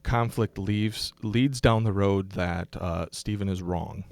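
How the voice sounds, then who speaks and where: This is a middle-aged man with a very deep, low voice, speaking as a pastor guest on a podcast. He explains slowly and thoughtfully, restarting phrases and filling pauses with ums. The sound is close and dry, with no room around it. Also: darkish tone, dry recording. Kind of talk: casual podcast conversation.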